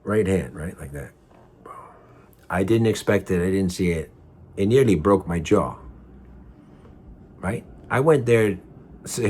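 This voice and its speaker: A man's voice: low voice, lively intonation, takes it slowly, pauses often, a little mellow, husky. A man telling a personal story in a heated, rambling way, repeating himself and swearing.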